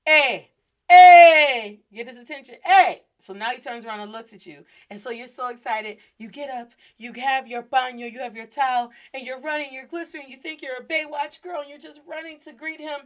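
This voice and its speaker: A woman hosting a podcast and giving a playful, animated Spanish lesson, mixing Spanish phrases into her English. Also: sits high, a little fast, few pauses. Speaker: podcast host and Spanish teacher.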